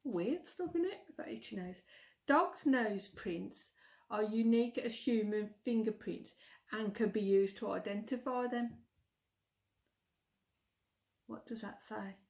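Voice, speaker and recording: A woman's voice: a little high, a little mellow. A middle-aged woman with a Birmingham accent, vlogging in a chatty way, giggling and stumbling over words. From England. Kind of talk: casual chat.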